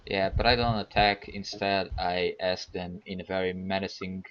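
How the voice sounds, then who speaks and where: A man's voice: low-pitched, flat delivery, moderate pace, slight background noise. A young man in casual tabletop game chat, dry and sardonic. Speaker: player. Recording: dull lo-fi home recording.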